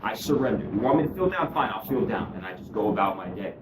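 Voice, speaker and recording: A man giving candid spoken testimony about his recovery, earnest and self-deprecating, dropping low and quiet, then climbing high and excited as he tells the story. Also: fast talker, echoey room, distant mic, noisy background. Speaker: guest speaker sharing his recovery story.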